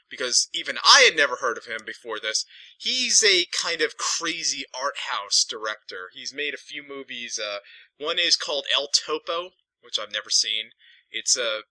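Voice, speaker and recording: A man's voice: a little high, pushed and bright, dry recording, low-quality recording. A man reviewing films in a casual, digressive, profane ramble. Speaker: film reviewer.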